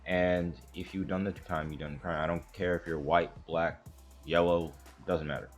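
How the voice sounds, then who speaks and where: A man's voice: low voice, fairly even intonation, normal speed, faint music behind. A man hosting a reaction commentary, talking in a rambling, hesitant way with emphatic restarts. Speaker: commentary host.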